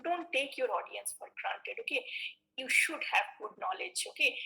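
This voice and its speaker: A woman's voice: high voice, sing-song, normal speed, gravelly, sharp tone, low-quality recording. A woman teacher giving a classroom lecture, often tagging points with "okay" and restarting her sentences.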